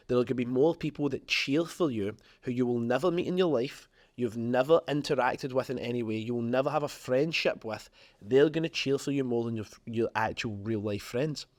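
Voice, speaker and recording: A man's voice: medium pitch, a little mellow, no room sound. A man hosting a podcast, giving frank, emphatic motivational talk about business. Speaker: podcast host.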